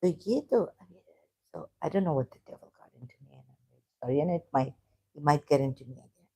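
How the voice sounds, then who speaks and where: This woman's voice is low-pitched, dark, husky and expressive. She speaks with a Sindhi Khoja accent during a live stream, rambling and hesitating, often groping for words and switching into Hindi-Urdu.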